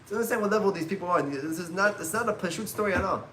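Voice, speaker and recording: Man, rabbi, animated storyteller, bright and tense tone, slightly high voice. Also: quick pace, a little hiss or hum. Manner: animated storytelling, peppered with Hebrew terms. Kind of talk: teaching a religious class. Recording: echoey room.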